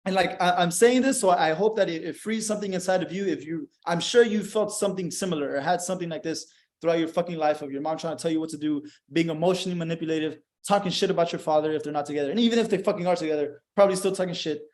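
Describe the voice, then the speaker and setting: Blunt, cussing young man, slightly high voice. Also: racing. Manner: blunt, heavy swearing, animated. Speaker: podcast host. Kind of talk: casual podcast chat.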